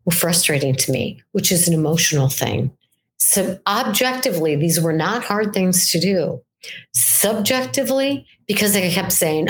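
An older woman speaking as a weight-loss coach in a solo mindset talk, conversational and animated, often checking in with the listener by asking "right?". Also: lowish voice, slight background noise.

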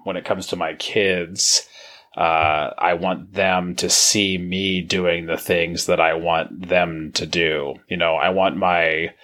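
Guy in his 30s with a really deep voice, laid back podcast chat, says uh and you know a lot. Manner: plain-spoken, relaxed, with many fillers. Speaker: podcast host. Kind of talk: casual recovery podcast talk.

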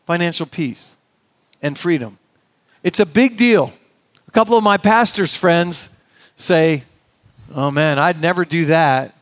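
A man in middle age delivers a sermon, earnest and conversational, often acting out quoted exchanges. His voice sits a little high. The sound is close and dry, with little room around it. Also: dry recording. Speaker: pastor.

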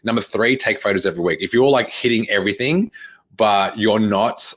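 A man's voice: fairly low pitch, fairly quick, a bit bright. Blunt, swearing fitness coach man. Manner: blunt, repetitive, swears, many fillers. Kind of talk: live-streamed coaching podcast.

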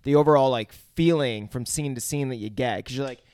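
A man's voice: mid-range voice, fairly quick, a little mellow, clear, resonant tone, no echo, studio quality. A man co-hosting a podcast, talking through a movie in laid-back, rambling chat and swearing freely. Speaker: podcast co-host. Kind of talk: casual movie review chat.

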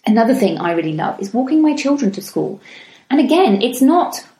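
A woman in her thirties, hosting a reflective solo podcast talk in a gentle, chatty manner, slowing down to stress her points. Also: fairly high pitch, big pitch swings. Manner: gentle, chatty, slows down for emphasis. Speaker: podcast host. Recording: echoey room.

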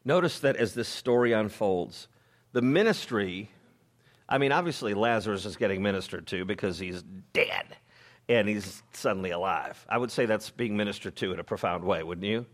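A man's voice: fairly low pitch, normal speed. Male pastor, casual sermon delivery, humorous, lots of ums and restarts. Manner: informal, joking asides, frequent fillers and restarts. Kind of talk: conversational sermon.

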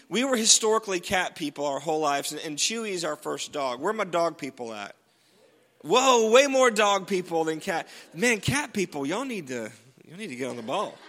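Bright, high-voiced pastor in a reverberant hall. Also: male voice. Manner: chatty, jokey, with frequent restarts. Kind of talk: sermon.

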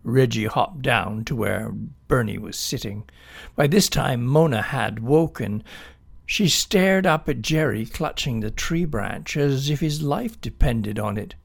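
Man reading a children's story, slow, lively pitch, gravelly, husky.

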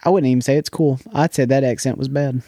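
A man's voice: medium pitch, fairly even intonation, fast talker, dark tone, no room sound, clean studio sound. A man co-hosting a podcast, recapping a film in casual chat, repeating words as he goes. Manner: rambling, repeats words, recaps plot scenes. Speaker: podcast co-host.

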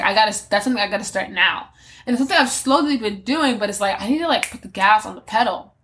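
Rambling frankly about her plans with frequent fillers and false starts, a young woman in her twenties hosts a reflective solo podcast. Her mid-range voice is a bit bright.

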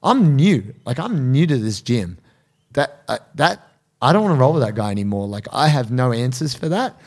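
A man co-hosting a podcast, telling a story in casual chat and acting out quotes in a higher voice. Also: moderate pace. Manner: animated, acts out quotes in high voices. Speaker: podcast co-host.

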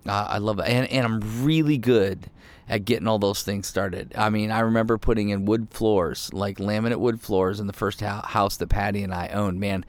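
Male pastor, low voice, casual sermon, chatty, self-deprecating. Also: fairly even intonation, normal speed, dry recording. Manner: conversational, self-deprecating, many fillers and restarts.

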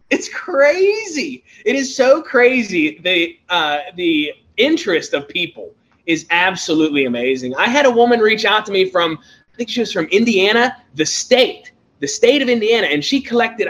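A man with a high, bright voice chats casually about his show. He tells stories in an excitable, animated way and laughs easily. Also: normal speed. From Pennsylvania, USA. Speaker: toy-hunting show host. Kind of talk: casual chat.

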